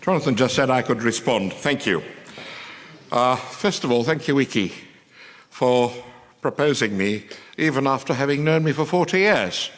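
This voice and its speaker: A man's voice: medium pitch, animated, normal speed, a bit bright, faint music behind. A man in his sixties from Turkey, speaking with a Turkish accent in a wry, self-deprecating acceptance speech on stage. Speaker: award recipient. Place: large hall on stage. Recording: hall reverb.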